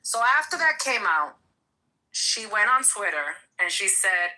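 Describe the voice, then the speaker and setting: A woman host moderating a panel in a calm way and reading out posts. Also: mid-range voice, measured pace, rough recording.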